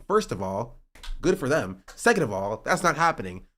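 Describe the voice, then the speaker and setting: A young male streamer talks casually with his audience. His pitch swings widely as he jokes sarcastically. At times he works himself up into a heated rant. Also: a little fast. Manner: joking and sarcastic, reading chat aloud; rising to animated ranting. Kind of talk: casual livestream chat.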